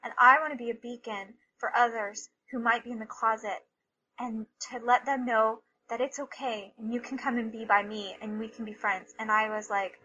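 A middle-aged mother recounts her story in a halting, emotional way, often restarting her sentences. Her voice is bright and somewhat high. The recording sounds a little dull, with faint ambience behind her. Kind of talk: personal storytelling interview.

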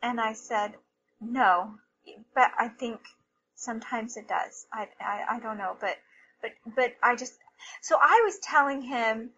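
Bright-voiced emotional mother. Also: fairly high pitch, highs cut off, slight background noise. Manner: emotional, halting, many restarts. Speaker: mother telling her story. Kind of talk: personal storytelling interview.

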